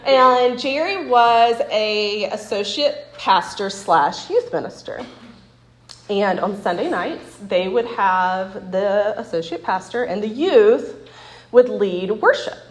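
A woman in her forties leads a women's Bible study with a casual, chatty talk full of stories, frequently laughing and asking "right?" Her medium-pitched voice is expressive and slow. The room she's recorded in is echoey.

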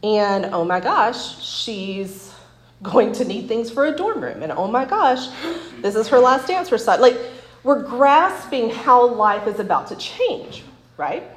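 Woman in her forties, lively chatty Bible teacher, lots of "like", echoey room. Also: a little high, unhurried. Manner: chatty, laughing, full of "like" and "right?". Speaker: women's Bible study speaker. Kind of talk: casual teaching talk with stories.

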